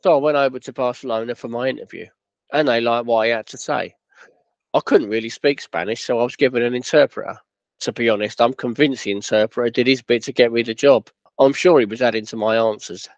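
A man narrating a football club history in a plain, steady storytelling way, with quoted dialogue. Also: mid-range voice, a little fast, gravelly, no echo, muffled recording.

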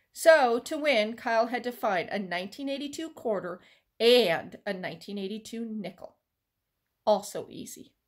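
A woman librarian reading a children's chapter book aloud with expressive storytelling. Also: fairly high pitch.

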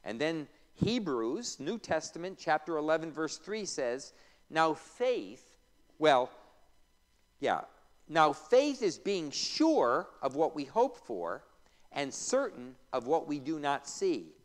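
A pastor with a slightly high, sing-song voice teaches a Bible class slowly, reading scripture out loud. He quizzes the group and adds playful asides, and the church hall around him is reverberant.

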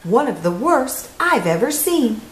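A woman voicing a kind, plump old woman in a storybook reading, speaking gently and slowly. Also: a little high, very animated, reverberant, slight background noise, voice pushed up, poor audio. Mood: gentle.

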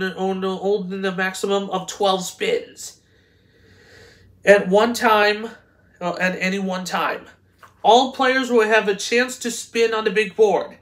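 A man with a fairly high voice reads game rules aloud. He talks haltingly, trips over words and restarts phrases again and again. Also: fairly bright tone. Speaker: host. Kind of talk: reading game instructions aloud.

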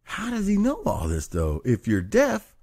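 A man with a slightly high, very lively voice tells a crude story on a podcast. He rambles from one thought to the next, swears freely and laughs through his own punchlines. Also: unhurried, breathy edge. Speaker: podcast host. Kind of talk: casual chat, crude storytelling.

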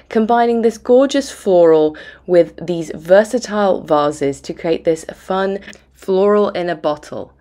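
A woman with a croaky voice from bronchitis, explaining a card-making project step by step in a tutorial voice-over. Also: fairly low pitch, a little mellow. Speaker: craft video host.

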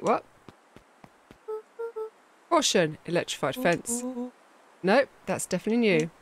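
A woman's voice: mid-range voice, background noise. A woman commenting on a story game and reading its dialogue aloud in a playful way. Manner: playful, reads lines with light voices. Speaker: gameplay streamer. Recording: game music playing behind.

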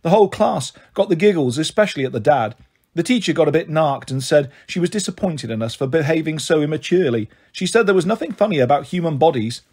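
Male audiobook reader, steady, breathy tone. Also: fairly high pitch, fast. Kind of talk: storybook narration.

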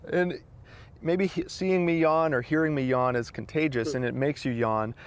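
A man's voice: fairly high pitch, smooth. A man, a vision educator, explaining and guiding listeners through yawning and sighing. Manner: guiding, demonstrates yawns and sighs. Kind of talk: instructional explanation.

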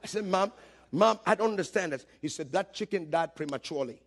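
A man preaching with a high, husky voice. He builds up to fervent shouts and calls on the congregation to answer him. The delivery is that of a live church sermon. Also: expressive, brisk. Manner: impassioned, building to shouts, calls for audience response. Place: church service, streamed live.

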